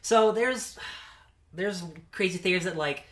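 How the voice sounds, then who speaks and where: A young man co-hosting a podcast in casual chat, excitable and full of questions. His voice is slightly high and very bright, with a tense, forward edge. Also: a little slow. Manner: excitable, asks questions, frequent fillers like "like". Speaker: podcast co-host.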